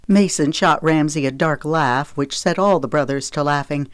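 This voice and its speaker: Woman, audiobook narrator, measured storytelling, low voice, dry close studio sound. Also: no echo. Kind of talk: scripted narration.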